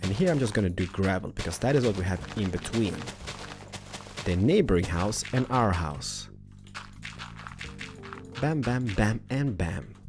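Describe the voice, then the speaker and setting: Gravelly-voiced playful man over background music. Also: low voice, lively intonation, normal speed. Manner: playful, rambling, bursts of loud exclamations. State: losing his voice. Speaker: host. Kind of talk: casual building tutorial commentary.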